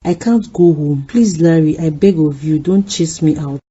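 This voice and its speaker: Woman voicing a hurt young woman pleading, Nigerian accent, very husky, deep dark tone, muffled lo-fi sound. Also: moderate pace. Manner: pleading, tearful. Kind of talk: animated web drama voice acting.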